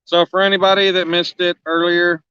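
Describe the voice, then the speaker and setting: A man's voice: high voice, level tone, brisk, bright, forceful tone, clean tone, no echo, lo-fi sound. A man in his forties, a fishing vlogger chatting casually on a live stream outdoors, joking and teasing his viewers as he rambles. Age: 40s. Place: outdoors on a riverbank.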